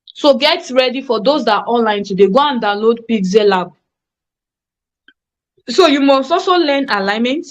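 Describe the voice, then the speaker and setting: A woman's voice: on the high side, animated, moderate pace, long pauses. A woman teaching a live online graphic design class, emphatic and repetitive, often checking that students follow.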